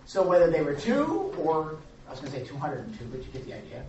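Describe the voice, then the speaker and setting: A preacher leading an informal Bible study, animated and repetitive with jokey asides. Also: mid-range voice, fast, highs cut off, crowd noise. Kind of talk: informal sermon. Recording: echoey room from far off, faint noise.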